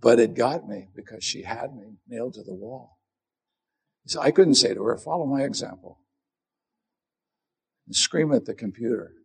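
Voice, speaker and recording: A middle-aged pastor delivers a sermon in a voice with a gravelly edge and somewhat husky tone, pitched in an ordinary middle range. He preaches earnestly yet conversationally, often turning the point back on himself. His intonation is lively, his pace moderate, and he pauses often.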